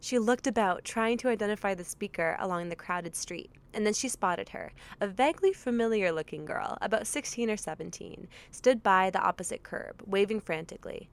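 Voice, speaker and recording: A woman's voice: medium pitch, brisk, few pauses. A woman co-hosting a podcast, reading fan fiction aloud with dramatic delivery and wry comments. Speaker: podcast co-host.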